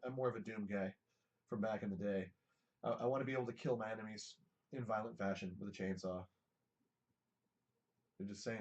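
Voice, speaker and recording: A man's voice: fairly low pitch, a little mellow, highs cut off. A man co-hosting a casual chat show, talking in an offhand, wry way. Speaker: podcast co-host.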